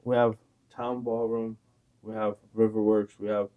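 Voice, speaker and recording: A man hosting a casual podcast chat, talking in an animated, profane, rambling way. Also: fairly low pitch, moderate pace, dry recording, phone-quality sound. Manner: animated, profane, loud mimicking of others. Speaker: podcast host.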